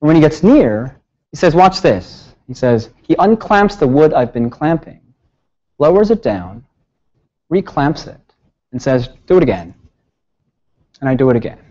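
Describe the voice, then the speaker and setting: A man giving a public lecture, telling stories with lively rhetorical questions. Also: a little high, normal speed, long pauses, muffled recording. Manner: animated storytelling with rhetorical questions. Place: lecture hall.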